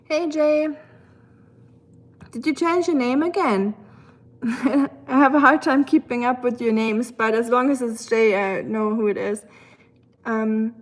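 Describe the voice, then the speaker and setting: A woman's voice: on the high side, measured pace, pauses often. A woman from Germany with a German accent, chatting casually with viewers on a live stream, full of fillers and reading out their comments.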